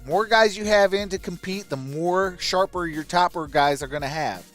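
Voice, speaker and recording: A man's voice: sits high, moderate pace, a bit bright, faint music behind. A man hosting a fan channel, giving casual sports commentary in a chatty, enthusiastic way with frequent asides and chuckles.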